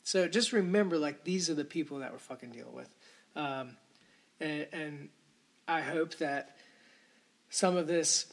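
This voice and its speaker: A man's voice: fairly high pitch, steady tone, a little slow, creaky, long pauses. A man hosting a podcast, delivering a rambling, indignant solo rant full of profanity. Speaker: podcast host. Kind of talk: ranting solo podcast monologue.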